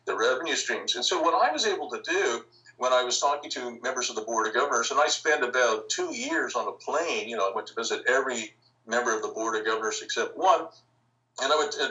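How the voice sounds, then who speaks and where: An older man, guest on a podcast, telling long anecdotes in an animated way, chuckling now and then. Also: medium pitch, recorded from a distance, poor audio. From Canada. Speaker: interview guest, hockey team founder. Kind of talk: storytelling podcast interview.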